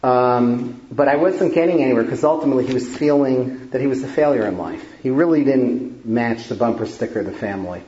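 A man's voice: medium pitch, a little fast, few pauses, dark tone, dull audio. Man telling a story in a talk. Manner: conversational, many fillers. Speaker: family therapist.

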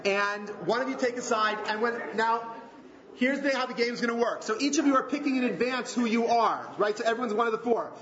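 A man leading a relationship workshop, asking the group rhetorical questions in an animated way. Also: extremely high pitch, a little fast. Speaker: workshop leader. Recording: echoey room, dull lo-fi sound.

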